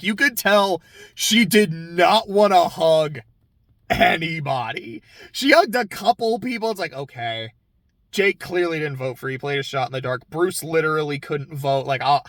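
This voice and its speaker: Chatty, fairly high-voiced man. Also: lively intonation, moderate pace, a bit bright, no room sound. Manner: chatty and candid, swears freely. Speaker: reality TV recap host. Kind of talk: casual episode recap commentary.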